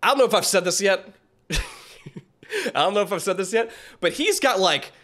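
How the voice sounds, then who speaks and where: A man hosting a reaction video in casual commentary, excitable and rambling, often stumbling over his words. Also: high voice, moderate pace, slight background noise.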